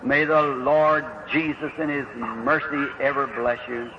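A mid-range male voice, level in tone and a little slow, comes through an old, hissy lo-fi recording. He conducts a revival sermon and prayer line with folksy earnestness, reading out prayer card numbers and swelling into fervent emphasis.

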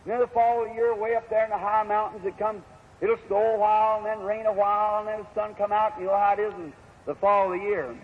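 A man's voice: high voice, fairly even intonation, fast, husky. A man preaching a storytelling sermon in a folksy, plain-spoken way with rural grammar. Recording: dull lo-fi recording with faint hiss.

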